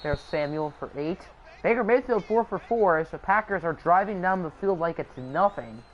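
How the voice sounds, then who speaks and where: A man's voice: high-pitched, animated, normal speed, highs cut off, a little hiss or hum. A young man hosting a live stream, calling a simulated football game and chatting with viewers in a joking, casual way. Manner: chatty, answers live chat, jokes. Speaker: channel host. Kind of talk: live sim-game commentary.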